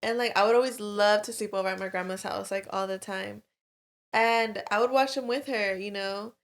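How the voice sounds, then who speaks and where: A woman's voice: mid-range voice, fairly even intonation, normal speed, vocal fry. A woman co-hosting a podcast, telling a long story in casual chat with lots of fillers and swearing. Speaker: podcast co-host.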